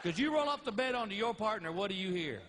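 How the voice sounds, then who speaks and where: A middle-aged stand-up comedian with a drawl, telling stories with a high, lively voice that swings widely in pitch. His live concert recording carries clear audience noise from the big theater. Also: fast. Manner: animated storytelling with high-pitched put-on voices for wife and dog. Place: large theater stage with a laughing audience.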